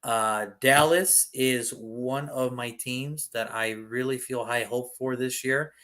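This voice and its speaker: A man's voice: mid-range voice, steady tone, takes it slowly, fairly bright tone. A man co-hosting a sports prediction show, talking casually and animatedly, swearing and slipping into mock voices.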